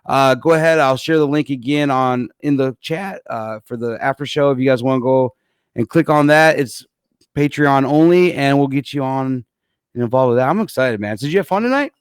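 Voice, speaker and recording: A man's voice: mid-range voice, brisk, smooth, no room sound. Easygoing guy wrapping up his live stream show, says dude a lot, dry close sound. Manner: easygoing, rambling, calls people man and dude. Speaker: podcast host. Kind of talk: casual live-show chat. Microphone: computer setup for a live stream.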